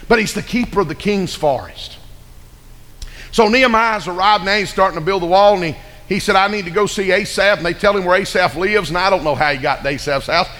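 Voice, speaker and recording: A man preaching with a bright, high voice. He tells the story folksy and vivid and keeps calling for amens. The sound carries long hall reverb. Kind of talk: sermon.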